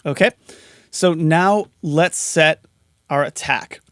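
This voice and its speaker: Over background music, a mixing instructor with a slightly high voice goes slowly through a casual, step-by-step screen-recorded compression tutorial, describing each setting as he goes.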